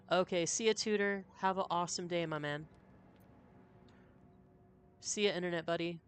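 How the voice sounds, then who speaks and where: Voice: mid-range voice, fairly even intonation, a little slow, long pauses, a little hiss or hum. Upbeat, chatty game streamer. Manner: chatty, upbeat, reads chat aloud. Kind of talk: live gameplay commentary.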